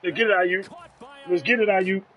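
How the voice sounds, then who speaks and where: A high-pitched man with a Southern US accent, streaming a football video game live. He talks in a loud, profane, heated rant full of trash talk, with the game's broadcast commentary behind him. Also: fast, lo-fi sound.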